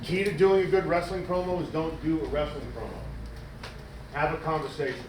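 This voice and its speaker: A man coaching wrestling promos in casual, animated talk, demonstrating cadences and coaxing a student. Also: a little high, a little fast, noisy background. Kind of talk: casual teaching. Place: wrestling school training room. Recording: echoey room from far off.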